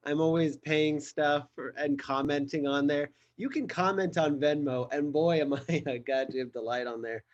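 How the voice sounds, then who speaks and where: A man's voice: on the high side, normal speed, few pauses, dull audio. A man co-hosting a comedy stream, chatting casually in an irreverent, loose way and swearing freely. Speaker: comedy show co-host.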